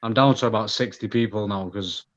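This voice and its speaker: A man with a Manchester accent, a podcast guest chatting casually about himself in a relaxed, rambling way. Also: fairly low pitch, a little fast, muffled recording. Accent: Mancunian. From England. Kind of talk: casual conversation.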